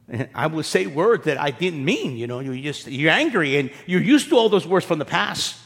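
A man's voice: fairly high pitch, sing-song, moderate pace, fairly bright tone, in a large hall. A man preaching as a pastor, talking to his congregation in a conversational way with rhetorical questions. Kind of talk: sermon.

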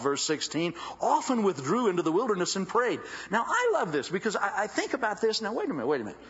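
Dull lo-fi audio captures a husky, high-sitting male voice preaching a sermon. He tells his stories with drama and animation, adding folksy asides.

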